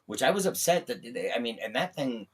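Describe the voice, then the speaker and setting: A man's voice: medium pitch, fairly quick, slightly rough, distant mic. A man, a guest comedian and voice actor, telling profane anecdotes in casual podcast talk. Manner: animated anecdote-teller, profane.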